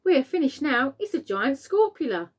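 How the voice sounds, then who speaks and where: A woman's voice: mid-range voice, expressive, normal speed, lightly acted. A woman reading aloud, voicing a frightened, blustering male fire chief in a storybook. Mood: terrified. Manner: fearful, shouting.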